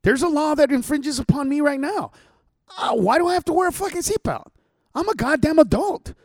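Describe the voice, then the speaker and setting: A man's voice: extremely high pitch, brisk. A man who is a stand-up comedian, ranting in casual podcast chat, full of swearing. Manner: profane, animated ranting.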